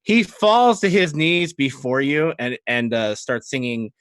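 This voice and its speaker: Lively, animated male game master. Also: medium pitch, unhurried, clean tone, dry recording. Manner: animated, chuckling narration with frequent ums. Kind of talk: narrating a tabletop game livestream.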